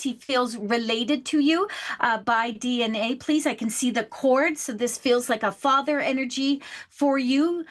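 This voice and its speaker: A woman with a high, bright-sounding voice does a live psychic reading. She talks to her caller with affection and says please and love again and again. She hosts the show. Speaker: psychic medium host.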